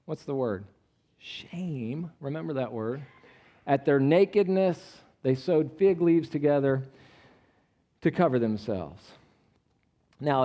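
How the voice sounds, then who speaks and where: Preaching in a conversational style, this pastor's voice sits on the high side. He often questions the congregation and alternates hushed asides with a louder delivery for scripture readings.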